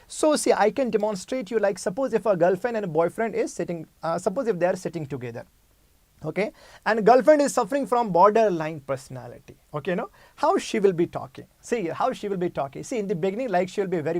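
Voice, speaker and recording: A man's voice: sits high, animated, fairly quick, dry recording. A male medical lecturer teaching a clinical case, repeating key terms and asking rhetorical questions.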